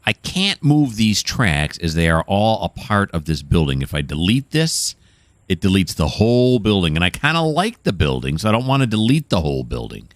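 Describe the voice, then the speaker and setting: A man's voice: sits low, big pitch swings, normal speed, no room sound. A man casually commenting while playing a train game, rambling and correcting himself as he goes. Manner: rambling, self-correcting, chatty. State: hiccuping. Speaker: gameplay host.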